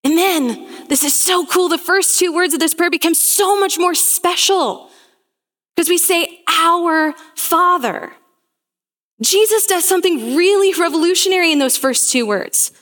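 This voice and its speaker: A woman's voice: extremely high pitch, moderate pace, fairly bright tone, big-room sound. A young woman preaching a sermon, telling a story in an earnest, storytelling way.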